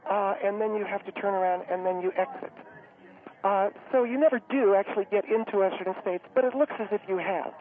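A man voicing a high-strung, well-to-do woman who talks haltingly with many fillers. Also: fairly even intonation, close to an everyday voice. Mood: hesitant. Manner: halting, hesitant, many fillers, later panicky and breathless. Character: fussy upscale woman, community spokeswoman, high-strung. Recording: tinny phone-line radio sound.

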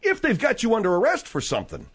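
Man, talk radio host, blunt, conversational, slightly high voice. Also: huge pitch swings, fast, fairly bright tone, husky.

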